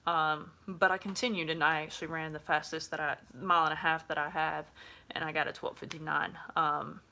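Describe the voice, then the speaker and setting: A young woman chats to camera in a loose, frank way, with plenty of ums along the way. Her voice sits low in pitch, yet it sounds bright and punchy. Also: level tone, brisk. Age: 20s. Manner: chatty, frank, many fillers. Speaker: vlogger. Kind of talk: casual talk to camera.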